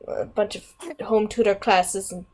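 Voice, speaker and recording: A woman's voice: medium pitch, little pitch movement, measured pace, a little mellow, close to an everyday voice. A woman voicing a hesitant adventurer with half-remembered book learning, rambling with fillers. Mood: musing.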